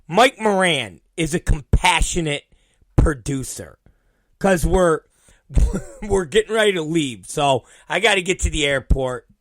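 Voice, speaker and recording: A middle-aged man tells a long, profane story on his own show, wandering off and chuckling at himself. His voice sits a little high for a man. The sound is close and dry, with no room around it. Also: lively intonation, measured pace, a bit bright, dry recording. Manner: profane, rambling, laughs at his own stories. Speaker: podcast host. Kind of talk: casual storytelling monologue.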